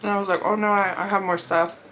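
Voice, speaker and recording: A woman's voice: mid-range voice, flat delivery, fast talker, a bit bright, poor audio. A young woman vlogger casually telling a rambling story while eating, laughing often and acting out what people said. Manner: chatty, rambling, lots of "like" and quoted dialogue. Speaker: mukbang vlogger.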